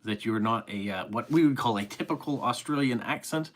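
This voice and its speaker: A man's voice: mid-range voice, brisk. A middle-aged man with an East Coast Canadian accent, hosting a casual live stream and reading viewer comments aloud in a friendly, chatty way.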